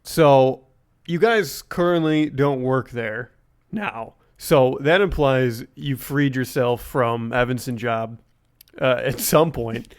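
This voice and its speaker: A man's voice: medium pitch, takes it slowly. A man co-hosting a podcast in casual chat, teasing and asking wry follow-up questions. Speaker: podcast co-host.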